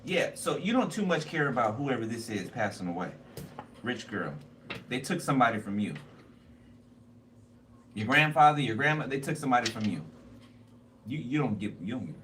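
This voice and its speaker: A man's voice: medium pitch, sing-song, normal speed, pauses often, a bit bright. A man doing a casual tarot card reading, blunt and profane and repeating himself a lot. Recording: noisy, distant mic.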